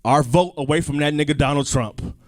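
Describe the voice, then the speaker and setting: A male comedian doing a stand-up set, animated, swinging between loud outbursts and low asides. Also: a little fast.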